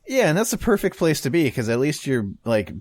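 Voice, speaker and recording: A man co-hosting a casual podcast, quick to joke, laughing and swearing freely. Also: on the high side, big pitch swings, darkish tone. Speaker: podcast co-host.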